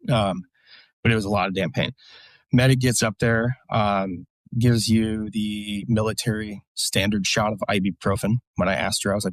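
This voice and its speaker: A man's voice: fairly low pitch, fairly even intonation, normal speed, no room sound. A man, a military veteran, casually telling blunt, profane war stories as a podcast guest, with many fillers. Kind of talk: casual storytelling.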